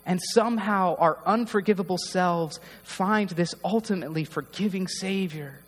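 Heartfelt pastor in a reverberant hall. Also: male voice, high voice, moderate pace. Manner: heartfelt, conversational, asks the congregation questions. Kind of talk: sermon. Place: church hall.

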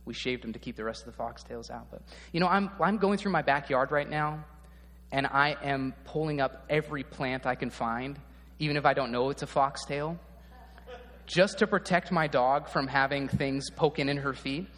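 A man preaching a sermon as a pastor, speaking in a relaxed, conversational way and often checking in with the audience. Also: mid-range voice, moderate pace, in a large hall.

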